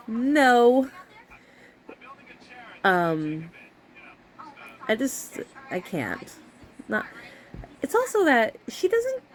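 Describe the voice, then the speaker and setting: Brief: woman vlogger, casual chat at home, very animated pitch, sarcastic and laughing. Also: slight background noise. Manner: exasperated, sarcastic, laughs often. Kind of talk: casual book chat to camera.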